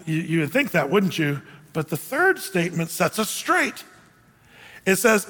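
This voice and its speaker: A pastor preaches a sermon from a church stage, conversational and joking, with rhetorical questions along the way. His voice sits high and a bit bright, sing-song at a measured pace, with the long reverb of a church hall.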